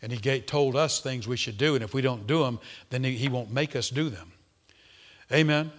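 A middle-aged man preaching a sermon, emphatic, repeating words and swinging from loud to quiet. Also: medium pitch, moderate pace. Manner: emphatic, repeats words, rises and falls sharply in loudness.

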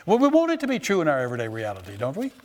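A man's voice: a little high, very fast. A man preaching a sermon, reading scripture and acting out the quoted voices with lots of repetition. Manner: animated, repeats phrases, acts out quoted voices.

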